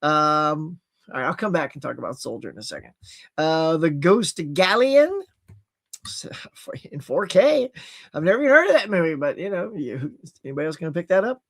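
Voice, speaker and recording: A man hosting a casual livestream from his home setup, chatting about new movie releases in an animated way and laughing at himself. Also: a little high, moderate pace, vocal fry. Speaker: livestream host. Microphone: computer with HD webcam.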